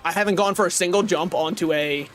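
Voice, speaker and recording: A man streaming a racing game live, commentating with excitable, profane banter toward the other players and chat. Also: sits high, fast. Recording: faint game music behind.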